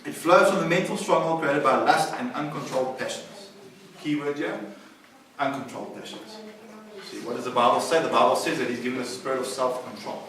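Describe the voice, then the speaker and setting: A man teaching a faith-based recovery class, animated, repeating phrases and questioning his listeners. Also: medium pitch, a little fast. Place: large room at a recovery centre. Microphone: distant room mic. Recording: echoey hall, distant mic.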